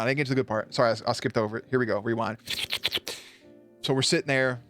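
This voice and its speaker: A male streamer spins a rambling, cuss-filled anecdote for his chat, often breaking into laughter. His pitch sits mid-range, and soft music plays quietly underneath. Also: steady tone, quick pace. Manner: loose, profane, laughs at his own story. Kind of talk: casual storytelling on a live stream.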